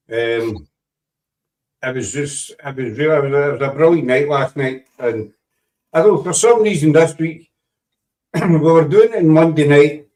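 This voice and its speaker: A man's voice: medium pitch, far from the mic. Man, echoey and off-mic. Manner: relaxed storytelling with fillers. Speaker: host. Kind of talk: casual chat.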